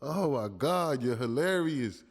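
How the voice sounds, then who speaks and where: A man's voice: medium pitch, expressive, unhurried, big-room sound. A man hosting a casual interview, dropping in brief, amused remarks. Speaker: interview host.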